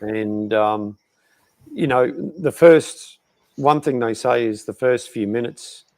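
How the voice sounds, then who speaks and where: A man's voice: medium pitch, slow pace, a little mellow, no echo. A man with an Australian accent, co-hosting a podcast in rambling casual chat with many fillers. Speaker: podcast co-host.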